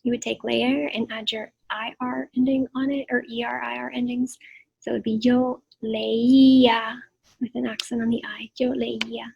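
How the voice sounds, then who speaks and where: A woman with a slightly high, breathy voice walks through a recorded grammar lesson. She explains step by step in a patient teacher's manner and slows right down on her examples. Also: little pitch movement, lo-fi sound. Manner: clear explanatory teacher talk, drawn-out examples. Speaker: Spanish teacher.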